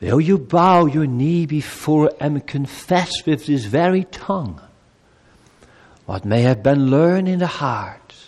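A male pastor delivering a sermon, swinging between raised, urgent appeals and low, quiet pleading, with measured pauses and repeated phrases. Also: animated. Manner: preaching with wide swings between loud high appeals and low quiet pleas.

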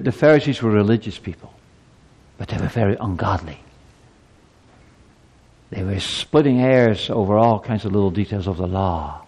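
A man's voice: mid-range voice, a little mellow. A man preaches to his congregation in a church, pressing his points with rhetorical questions and now and then tripping over repeated words. His voice sits in a middle register. The sound carries a long reverb from a large hall. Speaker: pastor. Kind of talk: sermon.

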